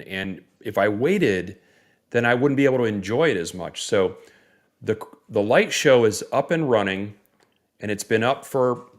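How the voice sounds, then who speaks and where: A man from Northeast Florida chats his way through a sports podcast in a somewhat low voice. He rambles easily, doubling back on his words and leaning on fillers. His tone stays relaxed and conversational the whole time. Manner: easygoing, rambling with fillers and restarts. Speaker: podcast co-host. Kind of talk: casual sports podcast chat.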